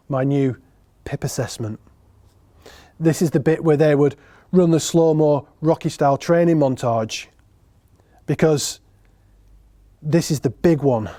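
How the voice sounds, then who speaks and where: A man's voice: fairly high pitch, warm tone. Wry man in a solo monologue. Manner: wry, sardonic, addresses audience directly. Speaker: writer and performer.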